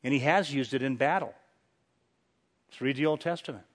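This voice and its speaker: A man with a medium-pitched voice and moderate pace preaches a sermon expounding the Bible. He reads scripture dramatically and presses rhetorical questions, chuckling along the way.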